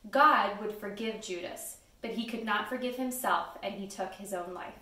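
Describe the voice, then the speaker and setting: A woman's voice: medium pitch, moderate pace, sharp tone, slight background noise. A woman reading a story carefully aloud as a narrator in a church pageant. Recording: echoey church, distant mic.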